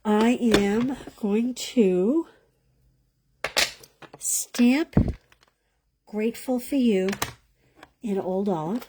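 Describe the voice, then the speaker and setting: Speaking at a medium pitch, this woman takes things slowly with long pauses, and there's noise in the background. She's running a live card-making class, chatting through her demonstration, thinking out loud, and now and then lowering her voice to a whisper mid-task.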